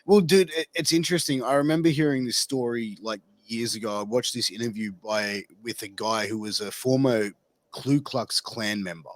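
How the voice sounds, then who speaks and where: A man hosting a casual interview, telling stories in an animated way and swearing freely. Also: medium pitch, normal speed, dry recording. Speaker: podcast host.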